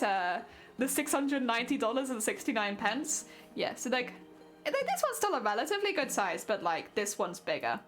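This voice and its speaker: A young woman streaming, chatting playfully with her viewers while she crafts, often giggling. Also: on the high side.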